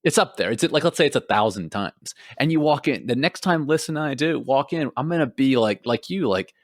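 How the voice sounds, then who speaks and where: A man's voice: mid-range voice, a little fast, no echo, clean studio sound. A man from Houston co-hosting a casual podcast, telling stories with lots of laughter and acted-out quotes. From Houston, Texas. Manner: animated storytelling, laughs often, acts out quotes. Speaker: podcast co-host. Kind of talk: casual chat. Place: lives in Amsterdam, talking remotely.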